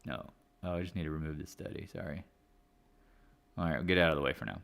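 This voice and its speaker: Gravelly and fairly bright, his bass voice moves at a quick pace. He hosts a casual market livestream, rambling into side topics and tossing in slangy remarks.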